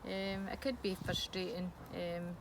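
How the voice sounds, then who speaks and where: Against background hiss, a middle-aged woman with a Scottish accent answers interview questions candidly yet haltingly, restarting often and saying um a lot. Her lowish, gravelly voice keeps a level tone and a measured pace.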